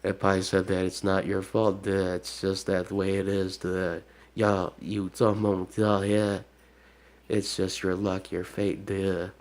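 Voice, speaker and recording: Man, Hmong accent, low monotone, rambling psychic monologue, scornful asides. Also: a little slow. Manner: ends phrases with a scornful "duh". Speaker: self-styled psychic shaman.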